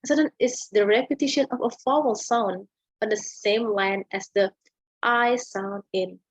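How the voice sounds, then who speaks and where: A woman's voice: mid-range voice, moderate pace, breathy edge, dry recording. A young woman with an Indonesian accent giving a class presentation on a poem, hesitant, with many fillers and tag questions. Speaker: student presenter. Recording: dull lo-fi home recording.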